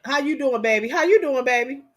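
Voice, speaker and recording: With a high voice and a fairly quick pace, a woman co-hosting an informal chat tells stories animatedly. She speaks directly to her audience and repeats phrases to stress them.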